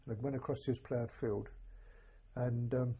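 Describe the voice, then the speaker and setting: An older English man, a war veteran, telling an oral history in a halting, plain-spoken way with a husky voice. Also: medium pitch, steady tone, dark tone, muffled recording. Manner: halting, plain-spoken storytelling with many restarts. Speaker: war veteran recounting memories.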